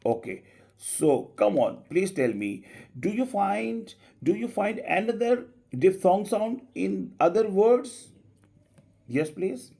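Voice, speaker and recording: A male English teacher, a native Urdu speaker, giving a classroom pronunciation lesson, modeling sounds slowly and coaxing students with repeated prompts. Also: sits high, sing-song, creaky, dark tone, slightly rough. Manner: slow, drawn-out modeling of sounds, coaxing students with "come on, please".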